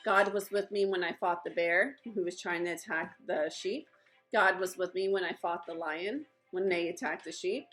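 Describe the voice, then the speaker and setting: A woman voicing a young male shepherd who speaks earnestly and with steady confidence, in her own everyday voice. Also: fairly low pitch, normal speed, soft background music, lightly acted. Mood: earnest, confident. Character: young male shepherd, calm and faith-filled.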